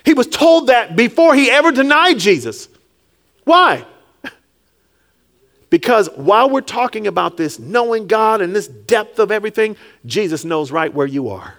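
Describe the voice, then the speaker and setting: A man preaching a sermon with call-and-response, rising to shouts and dropping low, acting out scripture figures. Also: moderate pace. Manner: animated, call-and-response, rises to shouts then drops low; acts out Jesus and Peter in quiet low tones.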